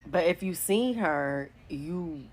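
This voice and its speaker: A woman's voice: sits low, lively intonation, slow pace. A woman, telling a candid storytime to her phone camera, full of likes and whatevers. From New York City. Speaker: vlogger. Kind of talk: casual storytime monologue.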